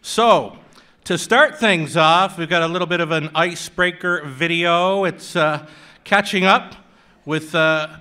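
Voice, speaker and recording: A man's voice: fairly high pitch, a little slow, sharp tone, smooth. A man emceeing a banquet and introducing a video in an upbeat, conversational way. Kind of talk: emceeing and asking interview questions.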